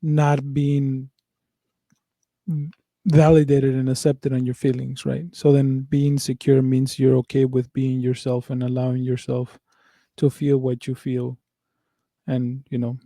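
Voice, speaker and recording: A man's voice: medium pitch, completely flat delivery, measured pace, dark tone, dry recording. A man co-hosting a podcast who asks rambling questions full of restarts in a casual chat. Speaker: podcast co-host. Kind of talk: casual conversation.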